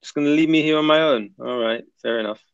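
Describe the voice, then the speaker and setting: Gravelly man hosting a casual livestream. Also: on the high side, fast, no room sound. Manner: chatty, mutters while setting up links. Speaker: livestream host. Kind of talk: casual livestream chat reading comments. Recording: dull lo-fi dry sound.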